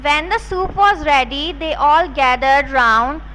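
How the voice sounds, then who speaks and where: High bright lady teacher, spells out words real slow then reads a story to the class. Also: expressive, slight background noise, poor audio. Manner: spells words slowly letter by letter, then repeats them; measured, clear classroom reading. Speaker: school teacher. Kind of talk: spelling drill and reading a story aloud to a class.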